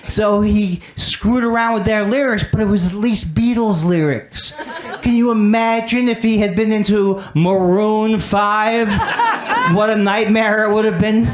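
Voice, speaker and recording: A man's voice: sits high, steady tone, unhurried. A man doing a stand-up comedy set on a club stage, riffing on his own weak jokes and mocking himself. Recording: roomy club sound with a laughing crowd. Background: audience laughter.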